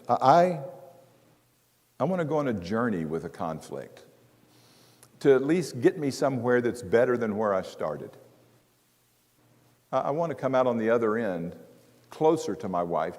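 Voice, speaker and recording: A man's voice: fairly low pitch, a little mellow. A middle-aged man preaching a sermon on marriage to a church congregation, telling stories with humor. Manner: conversational storytelling with humor. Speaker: guest preacher. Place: church sanctuary. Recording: long hall reverb.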